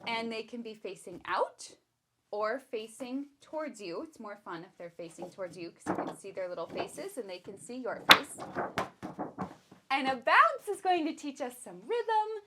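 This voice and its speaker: A woman's voice: on the high side, background noise. A woman educator leading a baby storytime at home, talking playfully to caregivers and her toddler. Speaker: children's museum educator.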